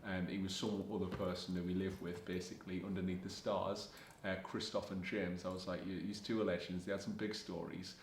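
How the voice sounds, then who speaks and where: A man's voice: low-pitched, little pitch movement, brisk, slight background noise. A young man, a fashion vlogger telling rambling casual anecdotes and quoting himself and others along the way. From Scotland. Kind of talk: casual storytelling. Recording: echoey room.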